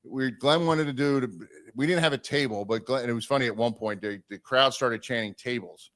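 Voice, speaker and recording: During a live stream, a man tells a long road story in a fairly quick, medium-pitched voice. He swears freely and animatedly plays the people he quotes.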